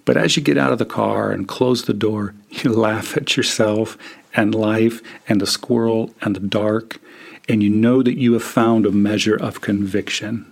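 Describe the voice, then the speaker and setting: Gravelly, husky man telling a story. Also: lowish voice, steady tone, a little slow. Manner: vivid, wry storytelling with dry humor. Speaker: podcast host. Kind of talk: second-person storytelling monologue.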